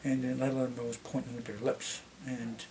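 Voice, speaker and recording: A middle-aged man with a Canadian accent and a slightly deep voice, chatting casually to camera and rambling with many restarts. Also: little pitch movement, a little fast, a little mellow. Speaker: vlogger.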